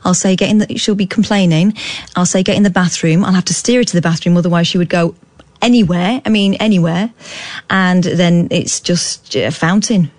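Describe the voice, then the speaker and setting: A woman's voice: on the low side, normal speed, a little mellow, no echo. A woman in her thirties with a British accent, hosting a late-night radio phone-in and telling stories in a jokey, chatty way. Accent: British English. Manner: chatty and jokey, storytelling with playful asides. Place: radio studio. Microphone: studio microphone.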